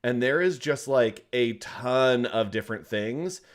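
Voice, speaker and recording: A man co-hosting a software tutorial livestream, chatting casually and rambling as he talks to the viewers. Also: medium pitch, expressive, measured pace. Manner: chatty, rambling, addresses the chat.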